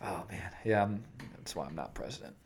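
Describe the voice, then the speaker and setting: A man's voice: deep voice, expressive, a little fast, a little hiss or hum. A man hosting a podcast, bantering playfully with his co-host and making joking asides. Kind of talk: casual banter.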